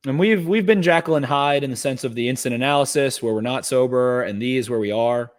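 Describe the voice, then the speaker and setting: A man's voice: medium pitch, fairly quick. A man co-hosting a casual sports podcast, giving a fired-up, cursing pep talk. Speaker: podcast co-host.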